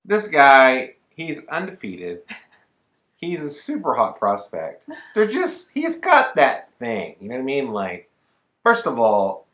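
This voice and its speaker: A man co-hosting a casual reaction chat, joking and rambling in an animated way. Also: mid-range voice, slow, echoey room. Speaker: co-host.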